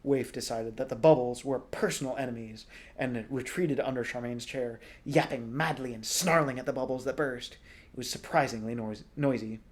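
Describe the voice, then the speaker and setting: A man reading a storybook aloud in a relaxed way, now and then correcting small slips. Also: mid-range voice, moderate pace. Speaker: audiobook reader.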